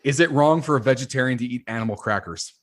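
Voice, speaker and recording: A man hosting a podcast, chatting casually and playfully firing off quick quiz questions at his guest. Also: medium pitch. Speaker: podcast host. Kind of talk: casual interview chat.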